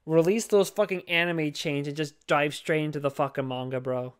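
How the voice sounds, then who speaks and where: A man's voice: fairly high pitch, fairly even intonation, normal speed, clean tone. A young man co-hosting a podcast in casual chat, rambling and jokey, cursing freely and filling his talk with fillers. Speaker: podcast co-host.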